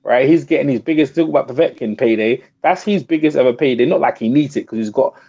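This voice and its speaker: A man calling in to a boxing talk show, talking fast, repeating himself and pressing his point. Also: mid-range voice, warm tone. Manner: rapid, repeats himself, talks over others. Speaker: guest on a boxing call-in show. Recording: muffled lo-fi call audio.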